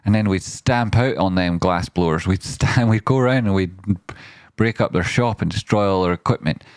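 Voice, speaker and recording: Man, trading stream host, playful rambling, low pitch, dry recording. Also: normal speed, clear, resonant tone, no echo. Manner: playful, riffing, often jumps into a high silly voice. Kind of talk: rambling live-stream chat.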